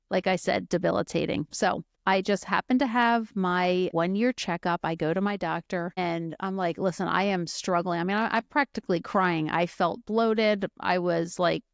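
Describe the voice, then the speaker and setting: A woman's voice: medium pitch, smooth, no echo, studio quality. Candid, chatty middle-aged woman host. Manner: candid, chatty, with many fillers and asides. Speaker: podcast host. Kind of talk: personal storytelling monologue.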